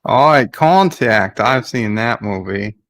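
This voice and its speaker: A man's voice: medium pitch, expressive, slow, a bit bright. A man chatting casually and joking in an online group call. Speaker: regular in an online pub chat.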